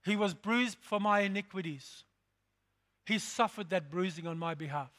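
High-voiced pastor preaching. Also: male voice, normal speed, a bit bright. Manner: emphatic, repeats phrases, calls to the congregation. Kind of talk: sermon.

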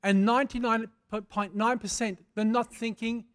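An older man preaching a sermon, moving from prayer into a personal testimony told in a fervent, conversational way that swells to loud bursts. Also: very high-pitched, fairly even intonation, normal speed. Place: church.

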